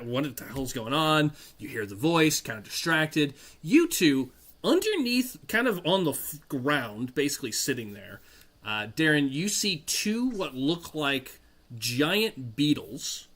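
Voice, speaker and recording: A man's voice: fairly high pitch, fairly bright tone. A man running a tabletop game as game master, describing scenes with frequent ums and restarts. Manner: halting, full of ums and restarts.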